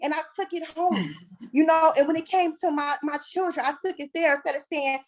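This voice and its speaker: A woman on a discussion panel, sharing a personal story in a lively way, laughing often and acting out what people said. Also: sits high, a little fast, rough recording. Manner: animated, laughs often, acts out quoted voices. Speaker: panel guest.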